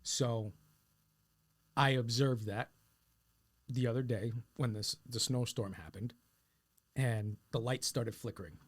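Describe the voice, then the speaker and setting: A man's voice: mid-range voice, slow pace, pauses often. Casual man telling a story. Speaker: podcast co-host. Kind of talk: casual conversation.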